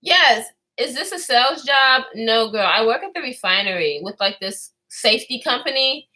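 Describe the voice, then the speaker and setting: Her voice sits fairly high, expressive and pushed bright, at a moderate pace. A twentysomething woman, she tells stories in a candid vlog, swearing freely, chatting away, and answering live comments.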